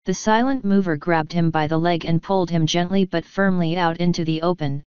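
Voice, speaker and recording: A woman narrating an audiobook in a measured, even storytelling manner. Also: on the low side, clean tone, no room sound, muffled recording.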